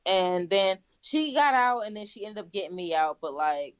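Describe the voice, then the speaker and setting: A woman's voice: medium pitch, animated, moderate pace, clear, resonant tone. A young woman telling wild stories in casual, profane chat, laughing as she goes. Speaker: guest. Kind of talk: casual storytelling.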